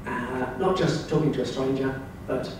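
An older man from England giving a slide presentation at a club, telling wry, anecdotal stories in a relaxed way. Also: medium pitch, moderate pace, distant mic, noisy background. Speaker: club speaker. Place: club meeting room. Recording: very echoey room, voice heard from afar.

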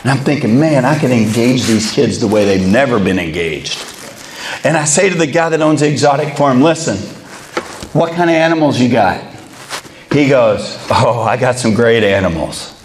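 A middle-aged baseball coach gives a motivational keynote, telling an animated, comic story with quoted dialogue. His mid-range voice moves at a moderate pace, with a little hiss or hum in the recording.

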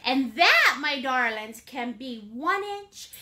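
A woman's voice: high-pitched, very animated, takes it slowly, pushed and bright. A woman leading a live painting class, bubbly and playful, greeting viewers with pet names. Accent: Maine. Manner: bubbly, playful, chatty with endearments. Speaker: painting instructor.

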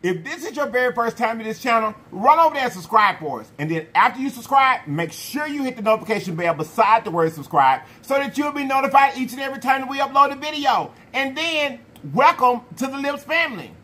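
A man hosting a food challenge vlog, talking to viewers in an animated, playful way with slang and drawn-out hype calls. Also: extremely high pitch. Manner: slang-heavy, addresses viewers as y'all. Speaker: mukbang channel host. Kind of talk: casual vlog talk to viewers.

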